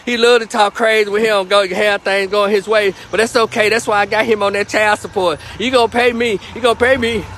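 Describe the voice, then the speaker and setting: A man's voice: high-pitched, steady tone, brisk, few pauses, a bit bright, a little hiss or hum. A man voicing an indignant young mother who complains to a judge in a whiny, accusing tone.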